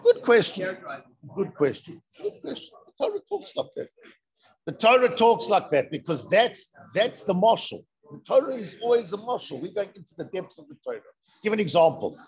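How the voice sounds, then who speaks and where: A man giving a lively Torah lecture, firing rhetorical questions and answering them himself. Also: sits high. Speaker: Torah teacher. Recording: dull lo-fi recording.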